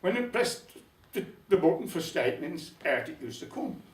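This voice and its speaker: Older Black Country male storyteller, wry and chatty; high, animated voice in a roomy hall, distant mic. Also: normal speed. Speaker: folk club storyteller. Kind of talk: humorous storytelling to a live audience. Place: folk club room.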